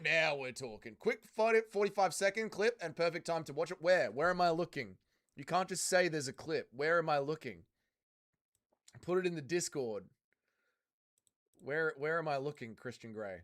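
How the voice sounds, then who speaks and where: A man's voice: a little high, lively intonation, moderate pace, a bit bright. A young Australian man hosting a casual fight watch-along stream, joking, swearing and answering chat. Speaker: livestream host.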